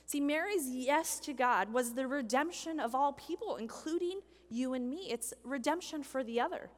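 A woman giving a sermon as a pastor, animated, acting out the people in the story she tells. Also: high voice, normal speed, long reverb tail. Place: church hall with a congregation.

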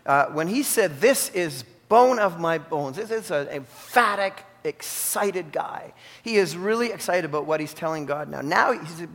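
Guy preaching a sermon, high bright voice, big echoey hall, gets all fired up and stumbles over words. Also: measured pace. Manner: animated, exclaiming, with restarts. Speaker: pastor.

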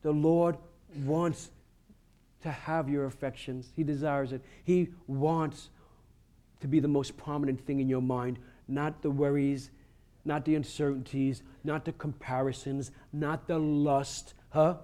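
A man preaching a sermon, pleading with the congregation and rising to fervent emphasis, often tossing in a quick "huh?". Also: a little high, little pitch movement, dark tone. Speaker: pastor.

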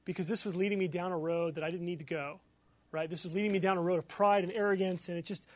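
High-voiced excitable male pastor. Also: fast talker. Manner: animated, excitable storytelling with many fillers. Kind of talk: sermon storytelling.

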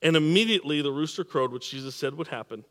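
A man preaching a sermon, repeating and restarting words, swinging between emphatic peaks and quiet drops. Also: a little high, fast, in a large hall. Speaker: pastor.

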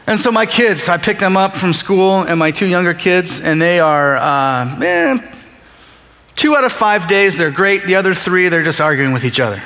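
A pastor preaches a conversational sermon, voicing different characters as he acts out snippets of dialogue. His voice sits high and sounds bright and pushed, expressive at a normal pace, with the long reverb of a large hall around it.

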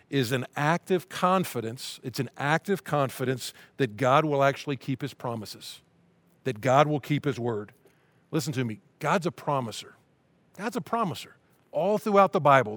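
A man's voice: fairly high pitch, a bit bright, dry recording. Emphatic, conversational male pastor. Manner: conversational, emphatic, repeats key phrases. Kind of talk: sermon.

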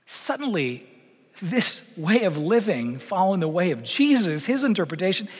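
A male pastor preaching with lively, conversational energy and flashes of humor. His voice sits high for a man and rings out with the long reverb of a church sanctuary. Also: moderate pace, breathy edge. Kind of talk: sermon.

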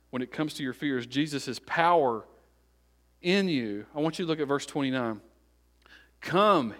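A pastor, preaching a sermon. He builds repeated phrases up to loud peaks and then drops to quiet, slowed-down emphasis. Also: on the high side.

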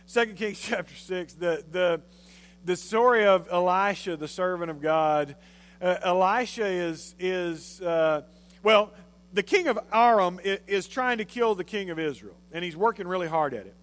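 A male pastor giving a sermon, telling a story in an animated, conversational way. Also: high voice, moderate pace.

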